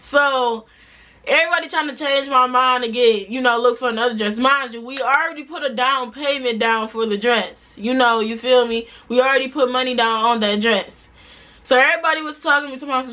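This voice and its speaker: A young woman with a bright, forceful voice tells a personal story to her viewers. She talks in a chatty, animated way, keeps circling back to the same points and checks in with the audience as she goes. This is a casual storytime vlog. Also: sits high, brisk. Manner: chatty, animated retelling with repeated asides to viewers. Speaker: vlogger.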